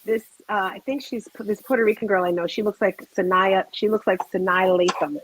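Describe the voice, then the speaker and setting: A woman's voice: medium pitch, fairly even intonation, fairly quick, a little hiss or hum, low-quality recording. A woman hosting a home cooking show, chatting casually and rambling to viewers while she cooks.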